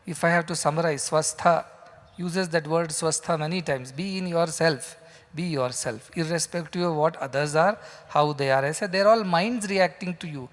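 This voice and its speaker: A man with an Indian English accent giving a spiritual discourse, earnest and animated, telling stories and asking rhetorical questions. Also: a little high. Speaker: spiritual teacher. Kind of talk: satsang discourse. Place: large hall. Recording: reverberant hall.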